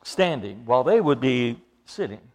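Lively, emphatic male preacher. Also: medium pitch, normal speed. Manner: emphatic, repeats phrases for stress; asks the listeners questions. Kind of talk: expository sermon.

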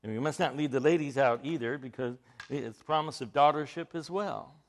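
A man's voice: mid-range voice, a little fast. A man preaching a sermon, teaching from scripture in an emphatic way, with frequent rising bursts of emphasis.

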